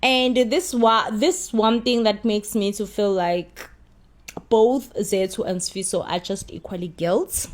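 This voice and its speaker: A woman with a South African accent gives a casual spoken review of a soap opera, speaking slowly at medium pitch. She's emphatic, repeats herself, and mixes in Zulu phrases.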